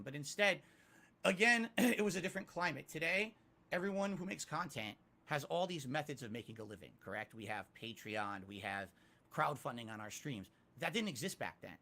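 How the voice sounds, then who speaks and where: A man with a bright, forceful voice that sits a little high for his sex. He answers interview questions with candid self-criticism and climbs to loud, emphatic peaks. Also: lively intonation, a little fast. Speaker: interviewee, YouTuber.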